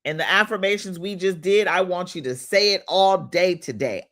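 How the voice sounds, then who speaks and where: A woman's voice: lowish voice, moderate pace, hardly any pauses, a bit bright. A woman hosting a motivational livestream, leading call-and-response affirmations and drawing out each repeated line.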